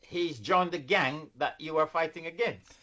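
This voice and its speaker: A man's voice: a little high, moderate pace, pushed and bright. A man working in financial services, a podcast guest, explaining things earnestly and often restarting his sentences. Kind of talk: casual interview chat. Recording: dull lo-fi sound.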